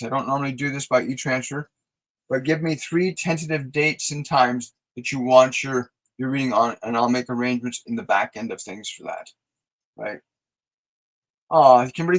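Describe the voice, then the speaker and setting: A man hosting a live stream of spiritual guidance, talking softly and slowly as he leads breathing exercises and answers viewer messages. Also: mid-range voice, poor audio. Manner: soft, slow, soothing guided instructions; reads viewer messages aloud and answers them. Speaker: psychic reader and host.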